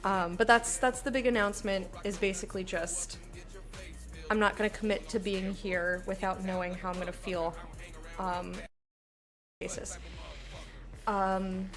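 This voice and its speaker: A woman streamer chatting casually with her viewers, bubbly in her greetings and candid and low-key when she talks about herself. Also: a bit bright.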